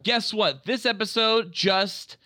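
Bright, crisp-voiced man, joking host. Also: sits high, slow, dry recording, clean studio sound. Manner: jokey, hesitant restarts, leads the segment. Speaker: podcast co-host. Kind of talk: casual chat.

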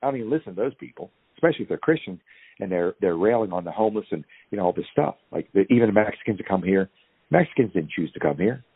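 Man, podcast guest, ranting and fiery, lively swooping pitch, dry tinny phone sound. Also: fast, slightly rough, dry recording. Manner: fiery, ranting, voice surging up on key points. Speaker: guest activist. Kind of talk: impassioned podcast interview.

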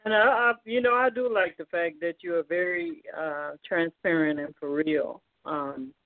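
A woman host and minister interviewing a guest on a faith talk show, affirming and asking slow-building questions. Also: fairly low pitch, no room sound. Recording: dry, tinny phone line.

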